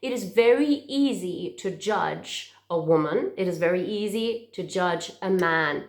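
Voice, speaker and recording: A woman's voice: fairly low pitch, animated, measured pace. A woman, a therapist talking earnestly to camera in a heartfelt way, often repeating words as she searches for them. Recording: echoey room.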